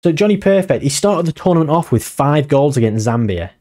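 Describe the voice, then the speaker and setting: Man, young adult, casual gameplay commentary, exclaiming, warm tone. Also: a little high, fairly quick. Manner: animated, exclaiming, addresses viewers as gang. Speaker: gaming YouTuber.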